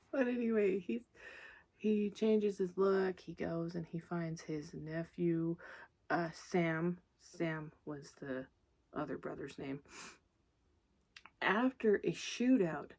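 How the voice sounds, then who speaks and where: A woman's voice: on the low side, slow, darkish tone. Rambling, foul-mouthed woman recapping a movie. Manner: profane, candid, laughs often; digresses and talks to herself. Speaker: movie reviewer.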